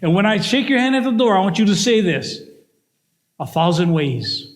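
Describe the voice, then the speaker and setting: A man's voice: very animated, normal speed. An older man preaching a sermon to his church, telling stories and acting out the voices in them. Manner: storytelling with acted-out voices and big pitch swings. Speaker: pastor. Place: church sanctuary. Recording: long hall reverb.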